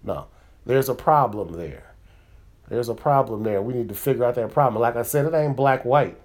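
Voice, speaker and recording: A man's voice: medium pitch, normal speed, a little mellow. A man hosting a comedy podcast, speaking in a rambling, profane, heated monologue full of fillers and restarts. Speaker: podcast host. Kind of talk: casual monologue.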